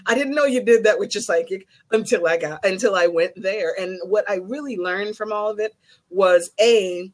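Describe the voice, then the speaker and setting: A woman who works as a psychic and Reiki master, telling a candid, animated story in a casual group video chat. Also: mid-range voice, normal speed, poor audio.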